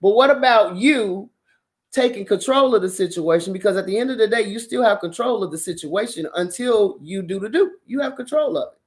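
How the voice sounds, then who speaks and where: A woman speaks casually to her viewers as the host of her own show. She gives dating advice in a blunt, animated way, swears freely and often breaks into laughter. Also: mid-range voice, a little fast.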